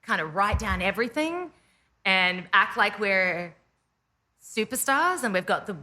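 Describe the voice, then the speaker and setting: A young Australian woman, a podcast guest, chatting in a lively, animated way with lots of fillers. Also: medium pitch, unhurried. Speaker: podcast guest, pop singer. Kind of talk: casual interview chat.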